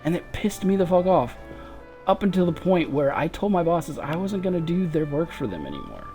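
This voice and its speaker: A man's voice: fairly high pitch, very animated, brisk, dark tone, faint music behind. Frustrated man ranting casually on stream. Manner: profane, frustrated, laughs through his story. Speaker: gaming livestreamer. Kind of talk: casual storytelling rant.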